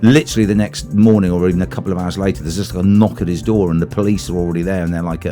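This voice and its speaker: Rambling anecdotal man, low mellow voice. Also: fairly even intonation, rapid-fire, hardly any pauses, soft background music. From England. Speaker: co-host. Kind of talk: casual radio chat. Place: radio studio.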